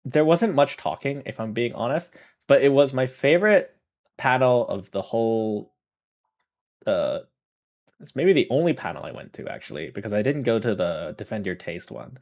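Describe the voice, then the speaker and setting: A man's voice: mid-range voice, expressive, normal speed, darkish tone. A man chatting casually on a livestream, rambling through a story, correcting himself often and laughing. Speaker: streamer.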